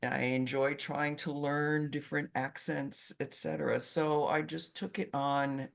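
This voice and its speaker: A middle-aged woman from Brazil, a Portuguese native speaker with a slight Brazilian accent, answering interview questions as an animated, expressive storyteller. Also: deep voice, a little slow, creaky. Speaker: medical interpreter, interview guest.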